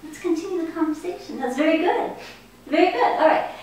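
A woman teaching a class, speaking slowly and encouragingly and repeating words for her learners. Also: very high voice, animated, darkish tone. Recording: echoey room, distant mic, faint noise.

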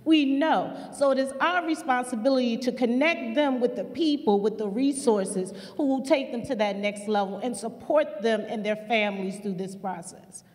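A woman's voice: a little high, normal speed, hardly any pauses, darkish tone. A woman who leads a community center, giving impassioned public remarks with earnest, repetitive emphasis. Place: museum auditorium. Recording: long hall reverb.

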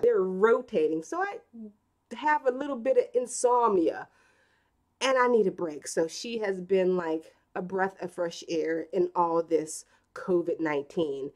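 A woman's voice: medium pitch, animated, moderate pace, a little mellow. A woman in her thirties hosting a live stream in a casual, chatty way, reading comments and telling stories with acted quotes. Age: 30s.

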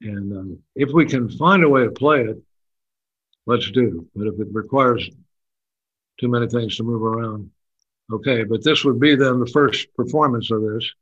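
A man's voice: mid-range voice, moderate pace, a bit bright, breathy edge, highs cut off. An older man from Texas telling rambling, dryly humorous stories as a guest in a casual interview. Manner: rambling, dry humorous storytelling. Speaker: guest musician and storyteller.

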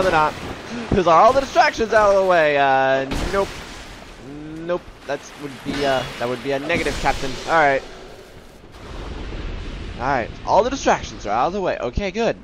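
A man doing let's play commentary, excitable and self-mocking, yelping and groaning when things go wrong. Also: high voice, background noise. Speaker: gameplay commentator.

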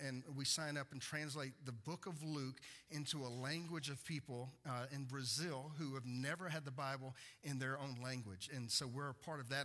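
This medium-pitched pastor has a sharp tone as he weaves stories into a conversational sermon, frequently stopping to begin again.

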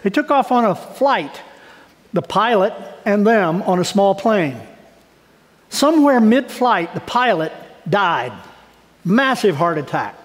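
A middle-aged male pastor gives a sermon in a church sanctuary, shifting from a conversational tone to emphatic, elevated passages. He speaks slowly with a high-sitting voice and big swings in pitch, and the long church-hall reverb is audible.

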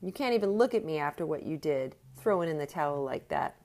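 A woman reading aloud voices a hot-tempered young male boxer who shouts indignantly. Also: low-pitched, lively intonation, brisk. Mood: furious.

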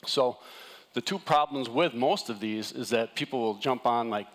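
A man's voice: medium pitch, moderate pace, fairly bright tone. A middle-aged man giving a casual, jokey wellness talk to a live audience, often asking the room "right?".

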